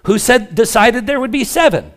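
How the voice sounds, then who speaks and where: A man's voice: very high voice, lively intonation, normal speed. A man preaching a teaching sermon as pastor, talking emphatically in a conversational way and making asides to the congregation.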